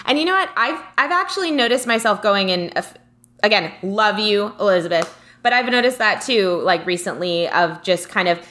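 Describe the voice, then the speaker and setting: A young adult woman co-hosting a casual spiritual podcast, animated and chatty, reading out listener comments. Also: mid-range voice, moderate pace. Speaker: podcast co-host.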